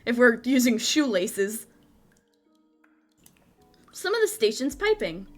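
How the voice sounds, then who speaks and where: A woman plays through a video game, reading lines aloud and adding chatty, playful commentary with frequent giggles. Her voice sits high, and soft background music runs under her talk. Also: sing-song, takes it slowly. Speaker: gaming video host. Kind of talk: casual let's play commentary, reading dialogue aloud.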